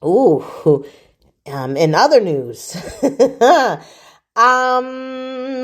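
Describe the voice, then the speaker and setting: A woman's voice: fairly high pitch, animated, very slow, long pauses, a bit bright. A woman in her forties hosting a casual chat show, telling stories in a chatty, profane way. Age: 40s. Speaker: host.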